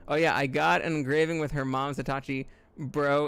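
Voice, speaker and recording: Laughing male game streamer, higher voice. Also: moderate pace, smooth. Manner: reads chat aloud and reacts with loud, high laughing outbursts. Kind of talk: live game stream chat.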